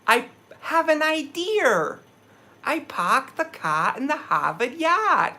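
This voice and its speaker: A man's voice: extremely high pitch, very animated, pushed and bright, voice pushed up, exaggerated voice. A man putting on an exaggerated Boston accent, drawn out and teasing. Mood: mocking. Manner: slow, drawn-out teasing mimicry.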